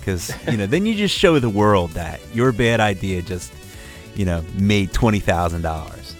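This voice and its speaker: A man co-hosting an internet radio show in casual, rambling chat, reading out shout-outs and chuckling often. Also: on the low side, lively intonation, normal speed, soft background music. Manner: laid-back, rambling, chuckles a lot.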